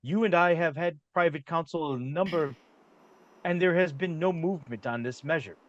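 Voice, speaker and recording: A man voicing a calm, formal nobleman who speaks slowly and humbly before the crown. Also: a little high, lo-fi sound, natural voice. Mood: formal, measured. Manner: slow, measured, humble courtly speech.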